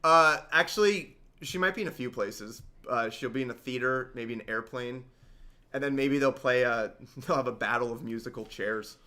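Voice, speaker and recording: Bright-voiced man hosting a casual livestream. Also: mid-range voice, moderate pace. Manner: loose, laughing and swearing freely. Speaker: livestream host.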